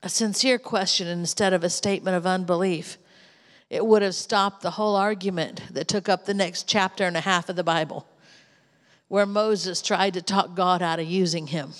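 A woman's voice: fairly low pitch, steady tone, normal speed. A woman, the pastor's spouse, preaching a sermon with emphatic repetition. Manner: emphatic, repeats lines for effect. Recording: long hall reverb.

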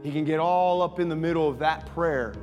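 A male pastor preaching a sermon, telling stories with laughter and dropping to a soft voice for prayers. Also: on the high side, fairly quick. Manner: animated storytelling preacher, laughs often, drops to soft prayer voice. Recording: long hall reverb with faint music.

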